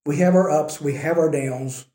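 Speaking at a moderate pace in a mellow voice on the high side, a pastor delivers a sermon as if in conversation, voicing the quoted lines dramatically while telling the story. The recording carries room echo.

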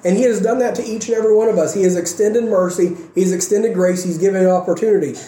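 A man preaches with earnest conviction, returning again and again to the same phrases. His voice sits high, with a very dark, mellow tone. The sound carries a roomy echo, like a church hall. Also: steady tone, fast talker, slight background noise. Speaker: pastor. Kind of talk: sermon.

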